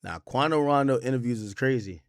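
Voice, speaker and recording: A man hosting a live stream, reacting to news with animated, profane commentary. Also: mid-range voice, brisk. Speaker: streamer host.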